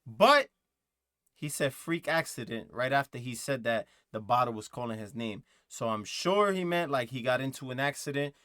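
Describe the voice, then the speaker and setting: A man's voice: mid-range voice, lively intonation, normal speed, sharp tone, dry recording, studio quality. Rambling man reacting to music. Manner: rambling, thinking aloud with many fillers. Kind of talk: casual reaction commentary.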